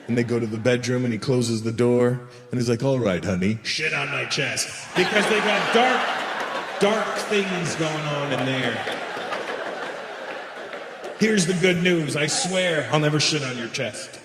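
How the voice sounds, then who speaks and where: A man's voice: medium pitch, unhurried. Comedian guy doing a stand-up bit, switching voices for the dialogue, roomy live hall sound, faint background hum. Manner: storytelling with acted dialogue and crude jokes. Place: large live venue with laughing audience.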